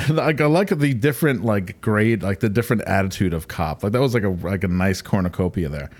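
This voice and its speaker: Male podcast host, lowish voice, rambling casual chat, laughs a lot. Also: brisk, breathy edge. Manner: rambling, laughing, many "like" fillers.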